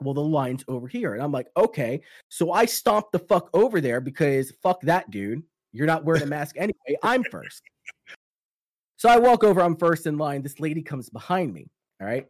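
A man telling a profane, animated story in casual chat with friends. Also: a little high, no room sound, clean studio sound.

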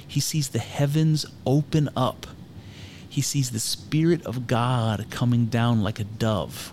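A man's voice: medium pitch, a little mellow, a little hiss or hum. A man giving casual spoken commentary on scripture, frank and irreverent, swearing freely and thinking aloud with lots of fillers.

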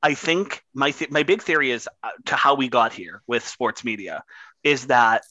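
A man co-hosting a casual sports podcast, ranting with animated energy about sports media. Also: medium pitch, normal speed, lo-fi sound. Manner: animated, ranting, does impressions.

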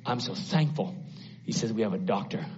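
A man preaching a sermon at a church service, dramatic, acting out the voices in the story and swinging from hushed to loud. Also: on the low side, expressive, normal speed. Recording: dull lo-fi sound.

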